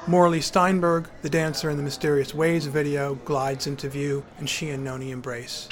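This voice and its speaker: Male author-narrator, wry storyteller, slightly high pitch, soft music bed. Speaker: author narrating his memoir. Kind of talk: audiobook memoir narration.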